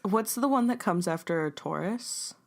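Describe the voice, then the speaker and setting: A woman's voice: medium pitch, lively intonation, moderate pace, vocal fry. Playful young woman gushing with a friend. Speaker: podcast co-host. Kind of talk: casual chat.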